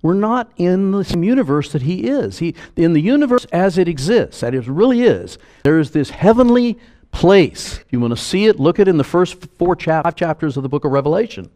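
Animated older man preaching a sermon. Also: fairly high pitch, brisk. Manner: animated preaching, acts out quoted voices. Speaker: pastor.

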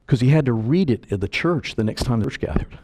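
An older man preaching a sermon as pastor, animated, acting out the voices of the people he quotes. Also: mid-range voice, quick pace, slightly rough.

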